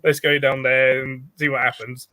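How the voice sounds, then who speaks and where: A man's voice: mid-range voice, flat delivery, normal speed, bright, forceful tone, no echo. Laughing British man telling a story. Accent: British English. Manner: laughs often, tells stories with quoted voices. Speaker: guest. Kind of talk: casual chat.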